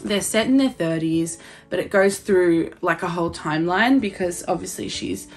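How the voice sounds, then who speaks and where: Gushing young Australian woman, lower voice. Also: normal speed, faint music behind. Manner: gushing, excitable, swears casually. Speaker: book vlogger. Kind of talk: casual chat.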